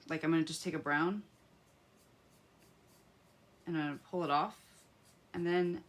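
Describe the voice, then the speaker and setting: A woman's voice: lowish voice, fairly bright tone. A woman hosting a live craft tutorial, chatting to viewers as she colors and muttering to herself as she picks pens. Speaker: craft demonstrator.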